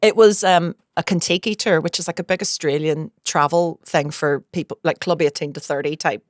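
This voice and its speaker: A Northern Irish woman in her thirties, hosting a podcast and telling comic stories in an animated way, acting out quoted voices. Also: sits low, moderate pace, no room sound, clean studio sound. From Northern Ireland. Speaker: podcast host. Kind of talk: casual comedic storytelling.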